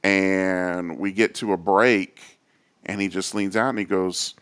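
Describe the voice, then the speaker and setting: A man, a guest on a talk show, telling lively stories with many quoted voices and fillers. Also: deep voice, unhurried, clean tone. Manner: animated storyteller, acts out quoted voices. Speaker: associate athletic director, guest. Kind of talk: casual storytelling interview.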